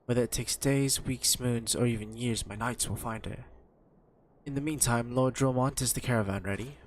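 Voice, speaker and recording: A man's voice: mid-range voice, normal speed, slight background noise, lightly acted. A man reading game dialogue aloud as a formal, stately noble knight commander with archaic phrasing.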